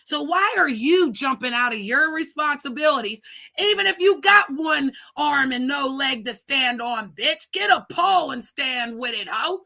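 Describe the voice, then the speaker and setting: A woman's voice: high voice, lively intonation, a little slow, gravelly, pushed and bright. A woman streamer ranting in live commentary, brash, profane and scolding.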